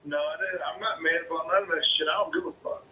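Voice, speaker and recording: A homeowner on a phone call argues heatedly, swearing often and repeating his points. His voice is fairly high, bright, and pushed, with a quick pace, and the call sounds echoey with faint noise.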